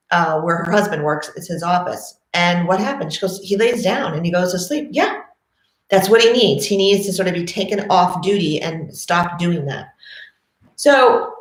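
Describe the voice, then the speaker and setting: A woman who trains dogs, telling stories casually and acting out both sides of her talks with clients. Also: lowish voice. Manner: animated, acts out both sides of conversations. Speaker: dog trainer. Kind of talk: casual storytelling to camera. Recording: echoey room.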